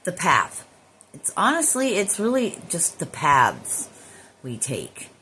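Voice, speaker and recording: A woman with a fairly low voice talks casually at home about spiritual things, rambling and swearing as she goes. A faint hum of room noise sits under her voice. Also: huge pitch swings, slow, sharp tone. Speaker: spiritual healer vlogger. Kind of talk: casual spiritual musing to camera.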